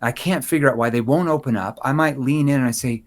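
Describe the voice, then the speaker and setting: A man gives a podcast interview about selling. He talks in a lively way and keeps slipping into short acted bits of dialogue, swinging between bright and hushed tones. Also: mid-range voice, quick pace. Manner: animated, acts out sample dialogue with shifting tones. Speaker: sales trainer guest.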